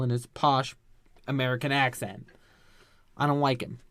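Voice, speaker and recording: A man's voice: mid-range voice, steady tone, normal speed, long pauses, a bit bright, dry recording. A man hosting a podcast, recapping an episode in a chatty, slangy, ranting way. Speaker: podcast host.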